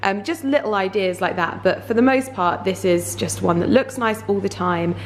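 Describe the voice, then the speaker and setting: A woman's voice: mid-range voice, normal speed, a little hiss or hum. A woman in her thirties, chatting casually with lots of fillers as she shows her home in a lifestyle vlog. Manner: chatty and enthusiastic, with many fillers. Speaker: lifestyle vlogger. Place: home, indoors and in a garden.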